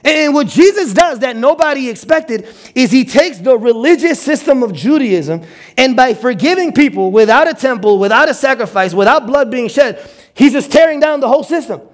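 A male pastor preaching with a notably high voice. He swings into quoted voices and repeats words as he pushes his points along. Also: moderate pace. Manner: animated, acts out quotes with stammered repeats. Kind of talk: sermon.

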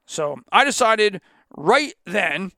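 A man doing a deliberately poor impression of a defensive older male football coach who blames others in a blunt, self-justifying way. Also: high-pitched, big pitch swings, very noisy. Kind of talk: mock impression read aloud.

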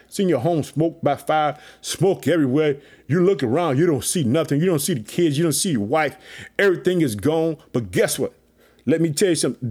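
Pumped-up high-voiced preacher man. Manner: excited, repetitive preaching catchphrases. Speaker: pastor. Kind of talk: energetic podcast sermon.

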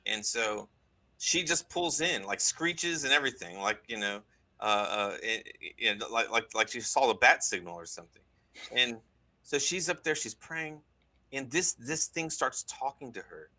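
A man telling a story in casual conversation, animated, with many restarts and asides. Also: medium pitch, moderate pace. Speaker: guest recounting a deliverance.

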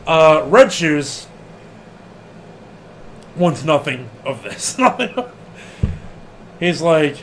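A man co-hosting a casual wrestling podcast, animated and laughing often, swearing freely and acting out what people said. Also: fairly high pitch, drawn-out words, pauses often, a little hiss or hum. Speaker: podcast co-host.

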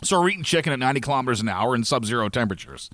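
A man from Canada telling a long story on a podcast in casual chat, animated and laughing, acting out quoted lines. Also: mid-range voice, racing, dry recording, studio quality.

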